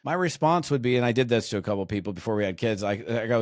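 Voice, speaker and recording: On a casual podcast, a middle-aged U.S. network marketing trainer speaks fast in a fairly low voice, rambling through animated stories with many fillers and restarts. The recording is dry and clean, studio-made.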